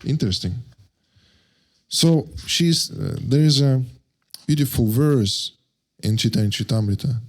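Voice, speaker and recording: Male devotional lecturer, middle pitch, hesitant and searching delivery. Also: lively intonation. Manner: halting, searching for words, frequent restarts; chants verses slowly in a raised voice.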